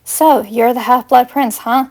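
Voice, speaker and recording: A woman's voice: on the high side, steady tone, a little slow, darkish tone. A woman reading as a furious young witch. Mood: accusing. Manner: heated and accusing. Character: angry young witch confronting her boyfriend. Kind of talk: reading fanfiction aloud.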